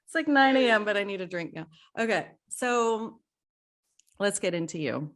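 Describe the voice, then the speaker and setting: A middle-aged woman hosting a podcast, talking in a casual, heartfelt way, emotional and quick to laugh. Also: medium pitch, lively intonation. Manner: warm, emotional, laughs often. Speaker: podcast host.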